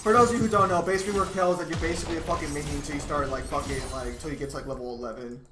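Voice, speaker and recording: A man streaming a video game and commenting live, frustrated and sweary, ranting and sometimes yelling at the game. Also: a little high, racing, over music. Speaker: gamer streaming a match. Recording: echoey room with background noise.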